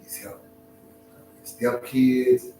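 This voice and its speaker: A man's voice: mid-range voice, completely flat delivery, dark tone. Middle-aged man telling a personal story in an echoey room. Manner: emotional, reflective, halting with frequent restarts. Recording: very echoey room, distant mic, music behind.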